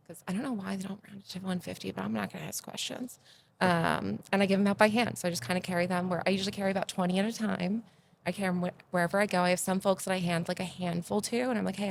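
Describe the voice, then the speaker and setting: Gravelly-voiced woman telling lively stories. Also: fairly low pitch, slight background noise. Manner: animated, gets loud and excited retelling stories. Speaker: podcast guest, agency founder. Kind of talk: casual interview storytelling.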